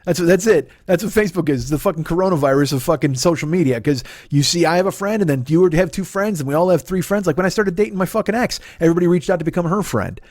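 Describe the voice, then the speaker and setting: This forties-aged podcast host fires off a comedic rant at a very fast clip, barely pausing, full of profanity and taunting. He mocks others with high, loud impressions, and the studio sound is clean with no room acoustics.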